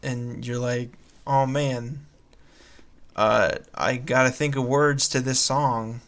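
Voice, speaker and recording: A man's voice: mid-range voice, steady tone, slow, a bit bright. A young man co-hosting a comedy podcast, chatting casually in a rambling way and laughing at crude jokes. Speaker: podcast co-host.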